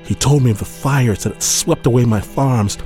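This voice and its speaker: A man narrating a dramatic story in a measured, grave voice with dramatic pauses. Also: mid-range voice, mellow, soft background music.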